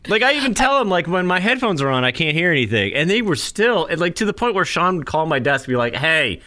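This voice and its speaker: A middle-aged man co-hosting a casual radio chat, animated, laughing often and acting out quotes. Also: sits high, fast. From northeastern US. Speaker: radio show co-host.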